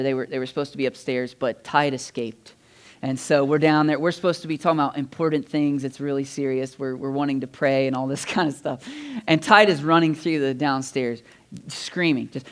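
A man pastor telling stories to his church in a lively, conversational sermon with asides and chuckles. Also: fairly high pitch, smooth. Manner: animated, conversational storytelling with laughs and asides. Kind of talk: sermon storytelling.

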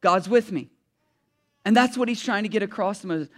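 A man with a notably high voice delivers a sermon as a pastor. He preaches with animated energy, repeating key phrases for emphasis and shifting between loud declarations and softer asides. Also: normal speed.

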